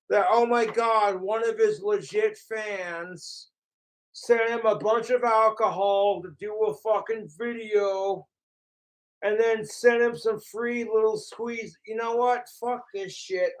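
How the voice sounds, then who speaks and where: A man's voice: high voice, rough recording. A man ranting casually to camera, profane and mocking about his trolls. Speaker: vlogger.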